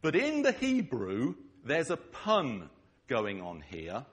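English-accented male preacher, emphatic and animated, keeps asking "okay?". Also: medium pitch, takes it slowly. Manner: emphatic, checks in with listeners with repeated "okay?". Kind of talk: sermon.

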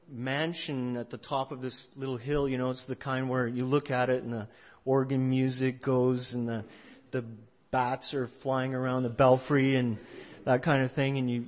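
A male pastor giving a sermon, telling a story in a conversational way that swings between loud and hushed. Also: mid-range voice. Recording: dull lo-fi recording.

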